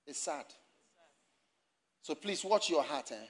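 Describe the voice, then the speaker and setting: A man preaching a sermon in a church, animated and often shouting and laughing as he addresses the congregation and online viewers. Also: on the high side, normal speed. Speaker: pastor.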